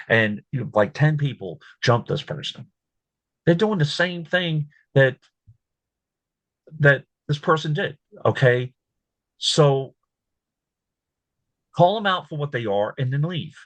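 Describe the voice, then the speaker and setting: A man hosting his own show, talking casually, repeating words and growing animated when he tells what he said. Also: medium pitch, unhurried, pauses often, dry recording. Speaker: host. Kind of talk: casual commentary.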